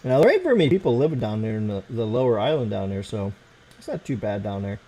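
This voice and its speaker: A man's voice: on the low side, big pitch swings, fast talker, warm tone, poor audio. An American man hosting a casual late-night livestream, rambling and swearing as he fiddles with his computer. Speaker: livestream host.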